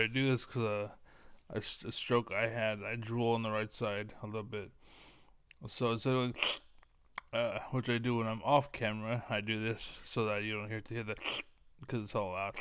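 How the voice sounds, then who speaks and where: Blunt, rambling man with a smooth voice. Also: fairly low pitch, fairly bright tone, dry recording. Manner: rambling, blunt and self-assured. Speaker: online commentator. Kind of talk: casual monologue to camera.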